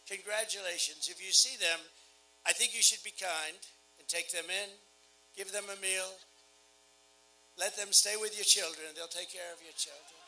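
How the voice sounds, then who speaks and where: An older American man gives a rally speech at a podium microphone, boastful and sarcastic, repeating his lines and dropping from loud bursts to hushed asides. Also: high-pitched, normal speed, slight background noise, low-quality recording. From United States. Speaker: campaign speaker. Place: outdoor campaign rally.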